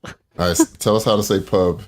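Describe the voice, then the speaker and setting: A man's voice: fairly even intonation, fairly quick, slight background noise. A man hosting a casual reaction stream, joking around and swearing freely. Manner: joking, swearing, wildly varied pitch. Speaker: streamer host.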